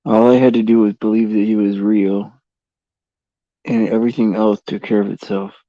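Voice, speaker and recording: A man talks slowly and haltingly on his own faith stream, with a low, mellow voice. His words often stop and start over. The sound is dry and dull, like a cheap mic. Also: no echo. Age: adult father of a son over eight. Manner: halting, repeats words, many fillers. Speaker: livestream host. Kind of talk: casual faith livestream chat and prayer.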